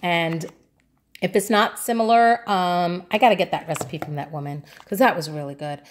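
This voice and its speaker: A woman's voice: lowish voice, normal speed, slight background noise. A woman from New York City, a vlogger chatting casually through a grocery haul, rambling along with lots of ums and uhs.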